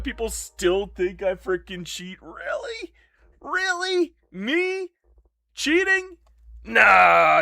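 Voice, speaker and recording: A tired, hoarse man doing chatty live gameplay commentary as a streamer, greeting his chat by name. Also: sits high, bright, forceful tone, no room sound, studio quality.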